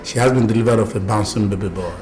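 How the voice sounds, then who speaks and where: An actor playing a calm, matter-of-fact doctor. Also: male voice, fairly low pitch, quick pace, noisy background, close to an everyday voice.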